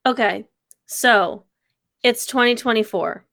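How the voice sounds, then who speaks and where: A woman's voice: fairly high pitch, takes it slowly, creaky, fairly bright tone, dry recording, clean studio sound. A woman chatting casually with friends in a comedy chat, earnestly setting up questions for the group.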